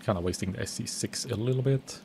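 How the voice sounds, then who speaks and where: A man's voice: lowish voice, quick pace, gravelly, a little mellow, slight background noise. A man casually commenting on his own gameplay as a streamer, chatting while eating. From Sweden.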